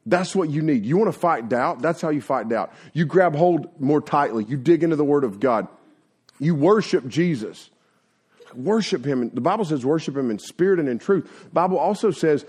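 A man preaching a sermon to young people, telling homespun stories in a folksy, animated way full of filler words. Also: on the high side, a little fast, breathy edge. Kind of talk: sermon with personal storytelling.

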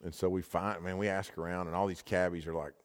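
Deep-voiced pastor preaching in a hall. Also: male voice, little pitch movement, quick pace. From United States. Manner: casual, rambling, with many fillers and restarts. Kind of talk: storytelling sermon. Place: large hall at a camp session. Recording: long hall reverb.

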